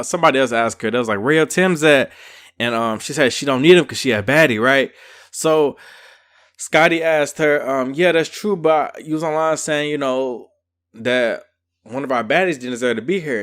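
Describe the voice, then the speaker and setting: Chatty man recapping a reality show. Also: mid-range voice. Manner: chatty, slangy, lively storytelling. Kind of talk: casual recap vlog.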